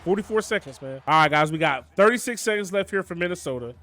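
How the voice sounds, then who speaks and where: A young man giving casual, excitable play-by-play commentary on his football video game, often calling out to "boys" and "man". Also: high voice, fast. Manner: excitable, hypes big plays, keeps saying "boys" and "man". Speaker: gaming YouTuber.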